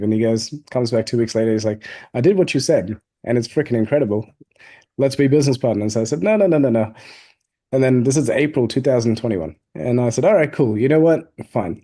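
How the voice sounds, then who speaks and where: A man being interviewed as a guest entrepreneur, telling stories in an animated way and acting out both sides of past conversations. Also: mid-range voice. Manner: animated storyteller, acts out both sides of dialogues. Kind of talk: storytelling in an interview.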